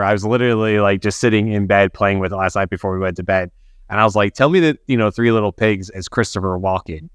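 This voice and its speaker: A low-pitched man co-hosting a casual talk show, telling stories and lifting his voice whenever he quotes someone. Recorded close and dry, with no room sound. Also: no echo. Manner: chatty storyteller, acts out quotes in a raised voice. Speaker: co-host. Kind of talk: casual chat.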